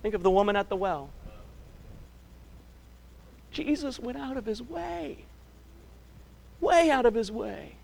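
A man's voice: extremely high pitch, lively intonation, measured pace, gravelly, long pauses, darkish tone. A male preacher giving a sermon in an emphatic, conversational way, stacking words for emphasis and chuckling at himself.

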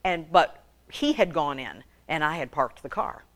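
A middle-aged woman speaking to a women's meeting, telling humorous stories in an animated way and often laughing as she talks. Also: low-pitched, unhurried. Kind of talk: humorous storytelling talk.

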